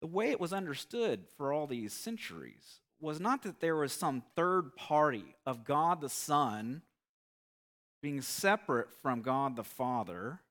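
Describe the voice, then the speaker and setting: A man preaching a sermon, telling an illustrative story in an earnest, measured way. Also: fairly high pitch, sing-song, a bit bright. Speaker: pastor.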